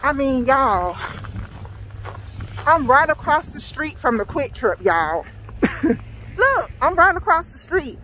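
A woman's voice: sits high, very animated, takes it slowly, long pauses, sharp tone, a little hiss or hum, low-quality recording. A Southern American woman vlogging outdoors in the snow, exclaiming dramatically and calling out to her viewers as she walks with her phone. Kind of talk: casual vlog, talking to camera.

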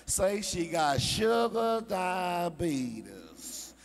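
A man's voice: high voice, sing-song, drawn-out words, heavily acted. A man doing a flashy ex-pimp faith healer. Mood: showy, boastful. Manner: drawling, chanting nonsense healing words.

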